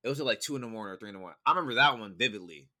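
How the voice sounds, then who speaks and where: A young man with a bright, cutting voice chats casually with his brother. He rambles through stories with plenty of "like" and cursing. He sounds easygoing and unscripted. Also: on the low side, lively intonation, very fast. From California. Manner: laid-back, profane storytelling with many fillers. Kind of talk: casual chat.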